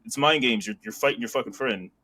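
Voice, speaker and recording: A man's voice: on the low side, fast, breathy edge. Laughing, rambling podcast co-host man. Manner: rambling, laughs often, animated retellings. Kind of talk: casual wrestling recap chat.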